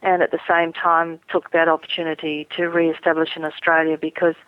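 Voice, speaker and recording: A middle-aged woman, an airline pilot, speaking earnestly and measured as a guest in a phone interview. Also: sits low, little pitch movement, no room sound. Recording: tinny phone line.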